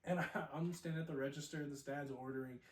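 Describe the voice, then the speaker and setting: High-voiced guy telling a story on a podcast, acts out voices, laughs and swears a lot, roomy echo. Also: fairly even intonation, fast talker. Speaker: podcast co-host. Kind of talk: casual chat. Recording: echoey room, mic at a distance.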